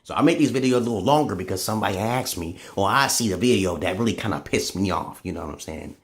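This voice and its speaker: A man in a casual, profane ranting monologue to camera, swinging between loud outbursts and low muttering. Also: animated, quick pace. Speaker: vlogger.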